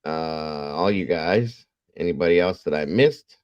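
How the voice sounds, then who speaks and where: A man's voice: sits low, unhurried, smooth, no echo, highs cut off. A man hosting a casual livestream, rambling and acting out the voices in his stories. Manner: rambling, animated storyteller acting out quotes. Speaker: true crime livestream host.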